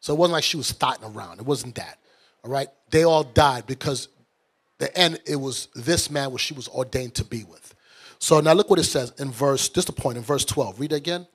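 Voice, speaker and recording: A man leading a bible study, explaining scripture in lively colloquial talk and acting out the characters. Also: medium pitch, normal speed, husky. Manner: animated, colloquial, acts out characters in street talk. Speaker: bishop teaching scripture.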